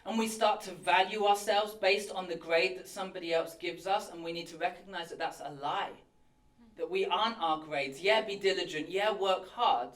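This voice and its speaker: A man, a pastor, preaching a sermon in an earnest, animated way, acting out people's anxious thoughts in a church hall. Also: high-pitched, normal speed. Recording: roomy hall from a distance.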